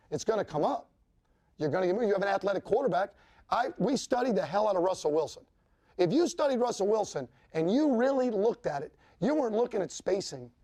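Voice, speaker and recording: A man's voice: sits high, warm tone. A man coaching football players in a film session, blunt and emphatic, swearing freely as he explains plays. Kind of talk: film-room coaching talk.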